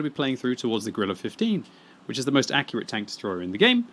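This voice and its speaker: Chatty man with narrating gameplay. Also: fast. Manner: chatty, self-correcting, lively swings in pitch. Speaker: gaming channel host. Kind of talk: casual gameplay commentary.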